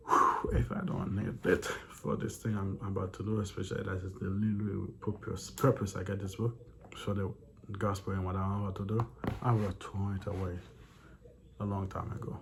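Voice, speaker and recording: A man's voice: on the low side, normal speed, vocal fry, long pauses. A man hosting a Bible study series, reading a book aloud and breaking off to mock the text with laughs and sighs. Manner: laughs and sighs between passages. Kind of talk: reading aloud with running commentary.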